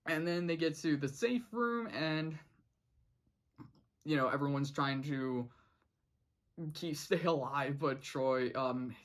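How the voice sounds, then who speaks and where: Rambling casual cartoon reviewer. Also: medium pitch. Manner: rambling, with frequent restarts and quoted character lines. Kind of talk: casual episode review vlog.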